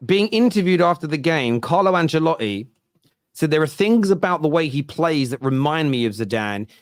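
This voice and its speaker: Animated football host, dry sound. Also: male voice, on the high side, no room sound. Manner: animated, quick to react to viewer comments. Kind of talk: casual football discussion.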